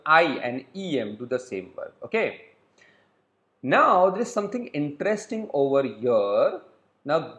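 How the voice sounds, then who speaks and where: Animated lecturing man in an echoey room. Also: a little high. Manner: explains slowly, repeats points and checks in with "okay?". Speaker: web development instructor. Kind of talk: recorded coding lecture.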